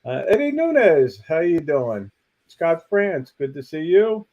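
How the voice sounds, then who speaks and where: A chummy co-host, a man, calls out greetings to viewers on a livestream. His voice sits fairly high, and it comes through a dull, lo-fi remote audio line. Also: sing-song, unhurried. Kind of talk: casual livestream chat.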